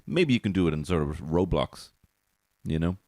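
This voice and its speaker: Deep-voiced rambling man. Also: big pitch swings, moderate pace, a little mellow, no echo, clean studio sound. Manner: rambling, swearing, laughs at own jokes. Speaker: podcast host. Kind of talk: solo comedy podcast monologue. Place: small alcove room.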